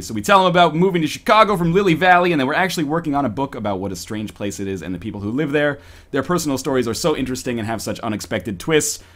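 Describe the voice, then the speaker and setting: A man's voice: medium pitch, expressive, quick pace, a bit bright. A man hosting a casual podcast, reading a choose-your-own-adventure story aloud to friends in a playful, mock-dramatic way. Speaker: podcast host.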